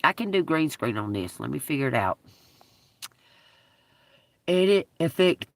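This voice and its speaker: A woman with a gravelly, creaky edge holds forth on a phone livestream. She tells her story in an animated, emphatic way, swearing freely. The sound is close and dry. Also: low-pitched, a little slow, dry recording. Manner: animated, profane, emphatic retelling with laughs. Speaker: livestreaming tarot reader.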